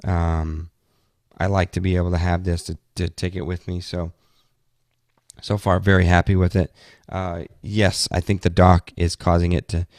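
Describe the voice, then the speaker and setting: A man's voice: deep voice, level tone, moderate pace, a little mellow, no room sound, studio quality. A tired man chatting casually about his gadgets as a podcast host, rambling with frequent restarts. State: tired, yawning. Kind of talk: casual tech talk.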